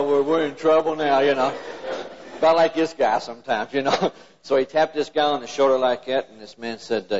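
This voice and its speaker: An older man, preaching in a folksy, plain-spoken storytelling style and acting out his father's words. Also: fairly low pitch. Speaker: preacher telling stories about his father. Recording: dull lo-fi church recording.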